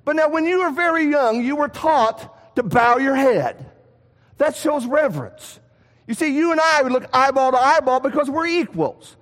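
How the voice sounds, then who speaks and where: Preacher, male, very high voice, animated delivery, long hall reverb. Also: normal speed. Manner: animated, rhetorical questions, shifts loud and soft. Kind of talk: sermon. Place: church sanctuary.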